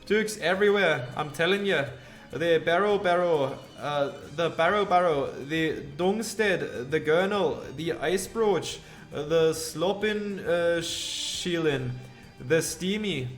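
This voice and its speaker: A grumpy Scottish farmer in a video game, put on by a man, blustering and fed up, leaning on broad dialect words. The voice sits a little higher than a man's usual and comes out slow and drawn out. Soft music runs behind it. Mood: exasperated.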